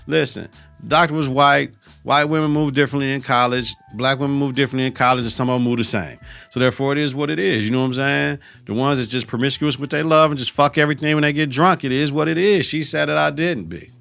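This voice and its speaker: A man's voice: medium pitch, fairly even intonation, quick pace, creaky, fairly bright tone, clean tone, faint music behind. A man hosting a podcast, retelling a TV episode in a casual, profane, slang-filled way. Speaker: podcast host.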